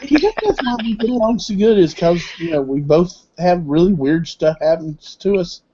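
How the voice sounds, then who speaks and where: A woman's voice: fairly low pitch, normal speed, dark tone, slightly rough, dull audio. A woman hosting a casual online panel chat, talking in a wondering, conversational way.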